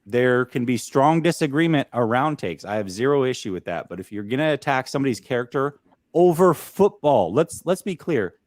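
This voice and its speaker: A man hosts a casual live stream, speaking firmly and directly about how chat should behave. His pitch moves a lot as he stresses points. The sound is dry and close. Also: expressive, brisk, a little mellow, dry recording. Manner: firm, direct, laying down chat rules. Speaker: stream host.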